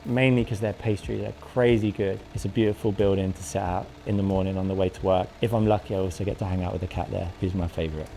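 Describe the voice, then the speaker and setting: Laid-back low-voiced man vlogging. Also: fairly even intonation, fast, gravelly, few pauses. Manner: laid-back, chatty, says "like" often. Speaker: designer vlogging his day. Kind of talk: casual vlog narration. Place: around his home city, home, café and office.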